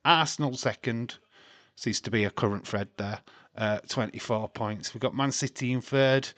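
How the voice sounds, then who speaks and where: A man's voice: mid-range voice, moderate pace, fairly bright tone, dry recording. A man hosting a casual live watch-along stream, chatting, reading out scores and lineups, swearing freely and laughing often.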